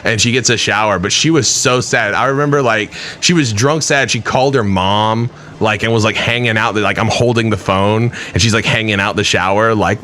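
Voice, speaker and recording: A man with a fairly low voice talks loosely, piling up fillers and curse words as he tells a story. It sounds like a casual podcast, with a faint hiss under the voice. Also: normal speed, hardly any pauses, pushed and bright. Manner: rambling, profane storytelling full of "like". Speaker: podcast host.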